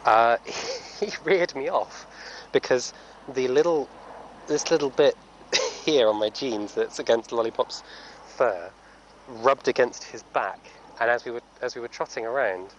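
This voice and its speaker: A man in an indoor stable speaks in a middle-pitched voice, hushed and coaxing toward the horse beside him. Between soothing words he explains his training to viewers in an easy, casual way. A faint hum of background noise sits under the recording. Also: highs cut off. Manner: soft, coaxing talk to a horse, often hushed.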